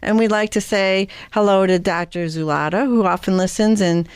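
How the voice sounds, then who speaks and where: A woman co-host chatting on a radio talk show, her voice smooth and clear. She reads mail aloud with dry, wry asides. The sound is close and dry, with no room echo. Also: medium pitch, moderate pace. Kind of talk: casual radio chat.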